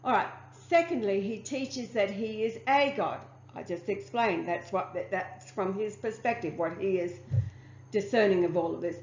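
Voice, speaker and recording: A woman's voice: mid-range voice, moderate pace. A woman reading aloud from a religious text and stopping to comment on it, formal as she reads and chatty in her asides. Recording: muffled, echoey room.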